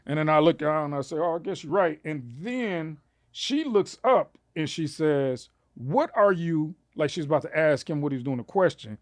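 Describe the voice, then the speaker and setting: A man's voice: normal speed, no echo, studio quality. A man telling a long personal story on a comedy podcast, acting out the lines of the people in it. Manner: animated, acts out quotes with rising pitch. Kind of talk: casual storytelling.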